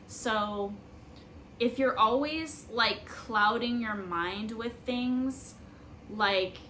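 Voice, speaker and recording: Earnest young woman vlogger, slow rambling advice talk, faint room hiss behind. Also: a little high, bright, forceful tone, low-quality recording. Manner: earnest, rambling, many fillers like "like" and "um". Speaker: spiritual vlogger. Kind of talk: casual personal advice talk.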